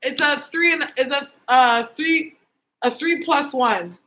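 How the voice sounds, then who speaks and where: A woman's voice: sits high, slow pace, bright, forceful tone, low-quality recording. A young woman from Canada chatting casually with viewers on a livestream as a psychic medium host, reading their comments aloud.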